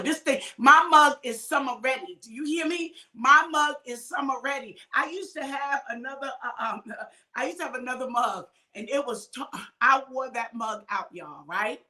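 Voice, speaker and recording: Woman preacher, high bright voice, shouts out viewers by name, keeps repeating herself to drive it home. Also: measured pace. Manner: exhorting, repeats phrases, calls out viewers by name. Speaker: minister hosting a midday livestream. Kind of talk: informal preaching to online viewers.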